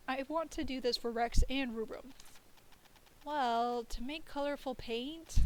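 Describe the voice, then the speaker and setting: A woman's voice: high-pitched, a little hiss or hum, rough recording. A woman streamer reading the dialogue of a cozy video game aloud in an easy, playful tone. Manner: reads lines in an easy, playful tone, breaking off with giggles.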